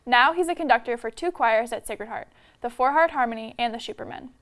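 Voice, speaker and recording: Young female anchor, higher pitch, clean scripted read. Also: fairly quick. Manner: even, read-aloud delivery. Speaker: news anchor. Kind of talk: scripted news reading.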